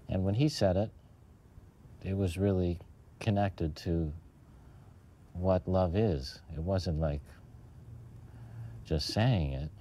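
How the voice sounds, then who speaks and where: Slow, deep-voiced man recalling quietly. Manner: halting, searching for words. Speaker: interviewee. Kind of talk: reflective interview recollection.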